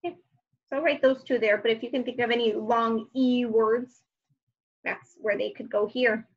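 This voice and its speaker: A woman teacher walking young children through homework, thinking aloud with gentle hums and fillers. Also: a little high, fairly even intonation, normal speed, husky, lo-fi sound.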